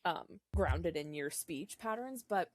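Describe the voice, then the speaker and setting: Woman guest, lowish voice, dry close sound, chatty and halting. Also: lively intonation, no echo. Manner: hesitant, laughs between thoughts, many fillers. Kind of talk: casual chat.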